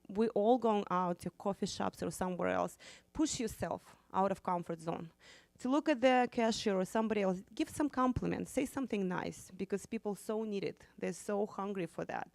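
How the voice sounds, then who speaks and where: A woman speaking non-native English, telling a lively church testimony to a women's group with frequent laughter. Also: mid-range voice, gravelly, no echo. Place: church meeting room.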